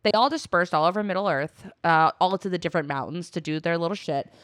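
A woman's voice: lowish voice, fairly quick, a bit bright, no room sound, clean studio sound. A woman co-hosting a podcast, retelling fantasy lore in a jokey, casually profane way. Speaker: podcast co-host. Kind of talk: casual storytelling chat.

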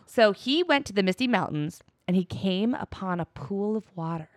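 Woman co-host, lively storyteller, jokey and a bit crude, dry close sound. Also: medium pitch, moderate pace, no room sound. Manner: lively, jokey, casually profane. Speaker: podcast co-host. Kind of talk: casual storytelling chat.

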